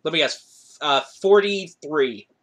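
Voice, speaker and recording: A man's voice: a little high, expressive, a little slow, a bit bright. Blunt, foul-mouthed male podcast host. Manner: blunt, swears freely, playfully opinionated. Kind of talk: casual chat.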